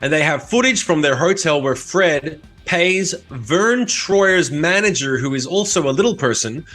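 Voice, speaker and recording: A man's voice: fairly high pitch, lively intonation, a bit bright, faint music behind. A man co-hosting a casual podcast, recapping and bantering with wry asides. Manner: wry, reacting, quick banter. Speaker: podcast co-host.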